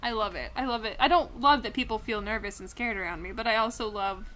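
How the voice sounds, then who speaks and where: A woman with a high, bright, sharp voice chats excitedly as a podcast co-host. She acts out other people's lines with big leaps in pitch. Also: fast talker, slight background noise. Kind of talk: casual chat.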